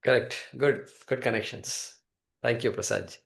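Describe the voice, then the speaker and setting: A man's voice: medium pitch, fairly even intonation, moderate pace, vocal fry. A man teaching a scripture class, explaining patiently and repeating key points for his students.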